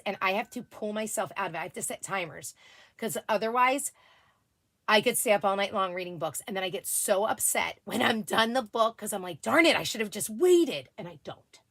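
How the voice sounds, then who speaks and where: A woman's voice: medium pitch, a little fast, no echo. A middle-aged woman hosting a casual livestream, chatting and reading viewer comments aloud. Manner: chatty, reads viewer comments aloud, warm thanks and apologies. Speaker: livestream host.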